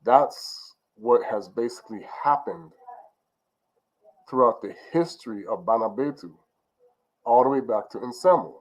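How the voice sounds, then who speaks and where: A man's voice: mid-range voice, big pitch swings, a little slow, long pauses, low-quality recording. A man giving an informal spiritual teaching, rambling with many fillers and restarts and often checking in with "okay?".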